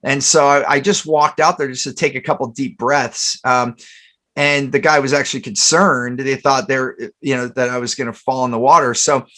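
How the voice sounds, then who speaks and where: A man's voice: mid-range voice, fairly even intonation, normal speed, bright, forceful tone. A man, a podcast host, telling a personal story in an earnest, rambling way. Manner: rambling, many restarts, earnest. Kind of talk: storytelling in casual chat.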